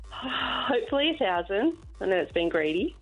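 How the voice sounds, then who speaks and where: A woman's voice: medium pitch, big pitch swings, moderate pace, faint music behind, rough recording. A woman calling in to a radio game, nervous and giggly. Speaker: caller.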